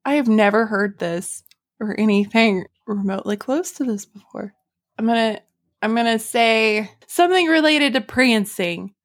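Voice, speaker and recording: A woman's voice: fairly high pitch, moderate pace. A woman with a Southern US accent, a podcast guest in casual chat who laughs often while guessing.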